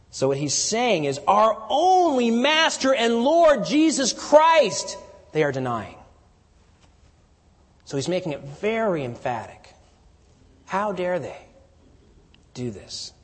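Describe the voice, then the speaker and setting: A man with a somewhat high, husky voice preaches verse by verse, building to ringing emphatic declarations and then sinking low. His voice carries a long reverb, as if he is speaking in a large hall. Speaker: pastor. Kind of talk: expository sermon.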